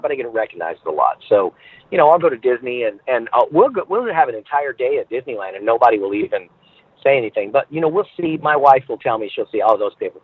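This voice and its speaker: A man being interviewed as a guest, telling stories with animated, acted-out voices, heard over a phone line. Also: mid-range voice, husky, no echo. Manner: animated storyteller who acts out voices. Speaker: guest entertainer. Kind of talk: podcast interview, storytelling.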